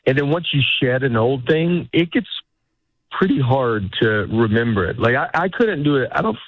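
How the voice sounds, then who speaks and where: In a relaxed interview, a middle-aged comedian chats in a rambling, self-interrupting way and performs the lines he quotes. His voice is mid-range, the audio is dull and lo-fi, and there's no room sound.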